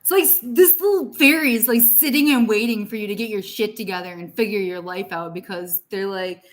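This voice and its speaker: A woman's voice: medium pitch, a little fast, hardly any pauses. Blunt, foul-mouthed woman reading tarot. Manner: blunt, profane tough-love talk. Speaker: tarot reader.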